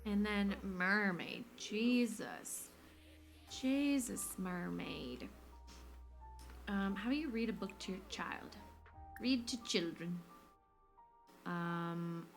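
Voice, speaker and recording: In a mid-range voice, a woman chats over her life-sim game stream, cursing without restraint and addressing her characters directly, with the game's music in the background.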